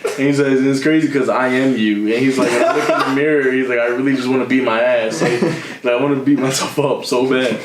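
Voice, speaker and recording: A man's voice: medium pitch, steady tone, brisk, crowd noise. Laughing young man telling a story. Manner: laughing often, slangy, acting out voices of others. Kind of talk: casual storytelling chat. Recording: echoey room.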